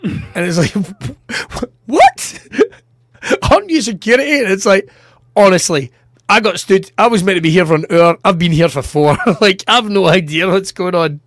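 A Scottish man with a notably high voice tells rambling, sweary stories from his comedy gigs. He talks in an animated, rough-edged way. The sound is close and completely dry, with no room in it. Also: moderate pace, no echo. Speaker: comedian and podcast co-host. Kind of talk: casual podcast chat, anecdotes.

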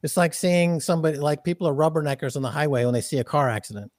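Animated high-voiced man ranting. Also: very fast, no room sound, studio quality. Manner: animated, profane, ranting delivery. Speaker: guest. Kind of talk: casual podcast chat.

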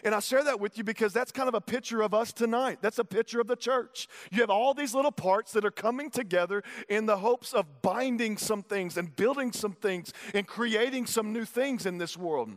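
A man in his thirties with a Southern American accent, preaching a sermon in a conversational, folksy way, at times dropping to a soft, low voice for emphasis. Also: normal speed, hardly any pauses. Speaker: pastor. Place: church sanctuary. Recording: long hall reverb.

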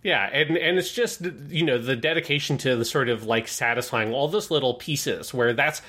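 A man's voice: mid-range voice, moderate pace, breathy edge. A man co-hosting a film podcast, talking enthusiastically in casual chat and acting out lines from the show. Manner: enthusiastic, acts out shouted lines in quotes. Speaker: podcast co-host.

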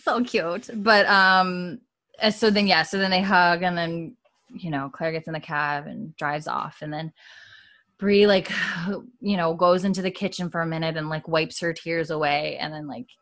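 Low-voiced young woman recapping a show. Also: steady tone, normal speed, fairly bright tone, no echo. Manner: chatty, heavy on "like" fillers, acts out the characters' lines. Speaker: podcast host. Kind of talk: casual TV episode recap.

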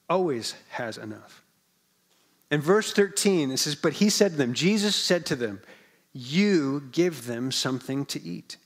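Man, pastor, sermon, slightly high voice, conversational, joking asides. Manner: conversational and humorous, with asides to the congregation.

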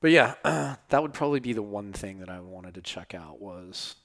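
A man's voice: fairly low pitch, lively intonation, normal speed, a bit bright. A podcast host chatting loosely and rambling, swearing casually, his voice worn from an earlier recording. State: losing his voice. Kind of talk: casual chat.

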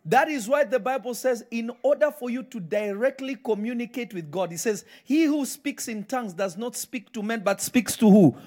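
A man's voice: very high voice, moderate pace, few pauses, darkish tone. A man preaching a live sermon in church, emphatic and firing repeated questions at the congregation. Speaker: pastor.

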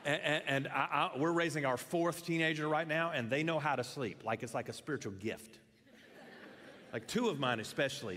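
Animated middle-aged male pastor, echoing hall. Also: fairly high pitch, moderate pace. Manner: animated, conversational preaching with many restarts. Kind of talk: sermon.

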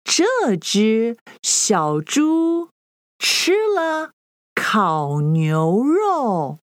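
A woman teaching a children's language lesson, repeating each phrase slowly and clearly in a sing-song way. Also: on the high side, wildly swooping pitch, no room sound, studio quality.

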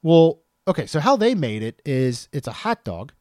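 A man's voice: on the high side, sing-song, moderate pace, a little mellow, no room sound, clean studio sound. A man in his thirties co-hosting a podcast, chatting casually and joking, rambling with frequent restarts. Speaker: podcast co-host.

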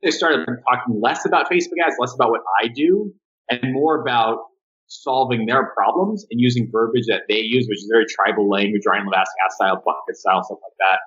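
Being interviewed on a podcast, this man discusses his marketing agency casually, bringing stories to life by performing the quotes. The audio is dull, and his mid-range voice runs slightly fast.

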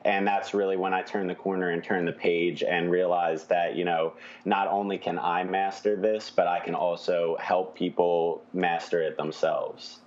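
A man in his twenties, a podcast guest talking about himself in an earnest, steady way. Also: sits low, normal speed, few pauses, dull audio. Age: 20s. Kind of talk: casual interview.

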